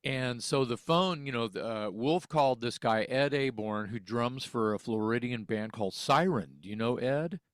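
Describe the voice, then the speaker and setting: A man's voice: mid-range voice, normal speed, few pauses, no room sound, studio quality. A man who sings and teaches music, from Texas, telling a story in casual conversation, acting out phone calls and swearing freely. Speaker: interview guest, singer.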